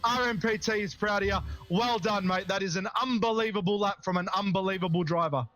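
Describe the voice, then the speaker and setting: A man commentating a sim race lap in a high, bright, cutting voice. He piles on the drama with every corner and turns the call into a hype-filled tribute. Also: a little fast, muffled recording.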